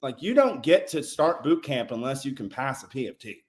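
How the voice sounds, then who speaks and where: A man in his forties, a podcast guest and former Navy corpsman, telling stories in an animated, profane, casual way. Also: medium pitch, moderate pace, echoey room. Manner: animated, heavy swearing, acts out quotes. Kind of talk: casual storytelling.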